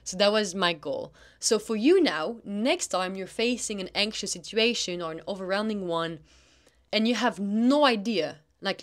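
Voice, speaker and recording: A young woman hosting a solo podcast, speaking in an earnest, encouraging coaching tone. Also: mid-range voice. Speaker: podcast host, athlete.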